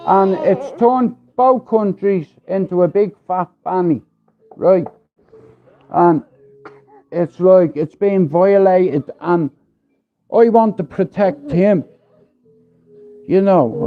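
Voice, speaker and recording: High-voiced Irish man ranting on a stream. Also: slow pace, long pauses. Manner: blunt, profane, rambling. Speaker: livestream host. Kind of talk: ranting livestream monologue. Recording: dull lo-fi stream audio.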